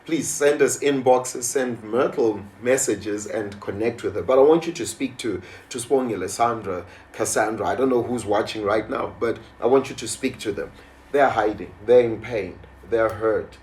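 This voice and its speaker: A man's voice: mid-range voice, normal speed, a little mellow, reverberant. A man interviewing an author, earnest and encouraging as he addresses viewers. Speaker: publisher and interviewer. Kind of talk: interview hosting.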